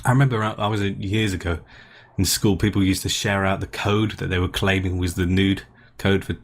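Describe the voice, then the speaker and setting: A man's voice: sits low, fairly even intonation, a little fast, slight background noise. A man co-hosting a gaming podcast in casual chat, rambling and restarting his sentences. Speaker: podcast co-host.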